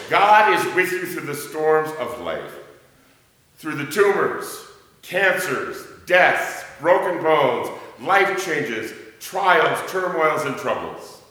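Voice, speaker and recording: Pastor, male, lively delivery with big swings from booming to hushed, church echo. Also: slow. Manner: dramatic swings between booming emphasis and quiet asides; jokey with the congregation. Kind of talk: sermon. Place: church sanctuary. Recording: roomy church reverb.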